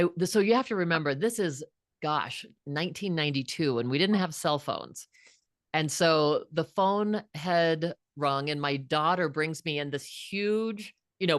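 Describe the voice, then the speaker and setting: Low-voiced woman telling a personal story. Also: a bit bright, dry recording, studio quality. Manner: earnest, reflective, many restarts. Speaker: guest author. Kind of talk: heartfelt storytelling.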